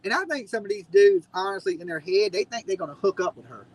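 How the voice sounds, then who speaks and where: A man's voice: high voice, animated, fast, poor audio. A man hosting a live stream, ranting in a mocking, combative way. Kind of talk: heated casual commentary.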